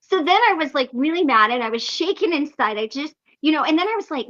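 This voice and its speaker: A woman hosting a casual online recovery meeting, telling a lively story and acting out the people in it, heard over a video call. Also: sits high, quick pace, few pauses, dull audio. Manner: animated, acts out the people in her stories.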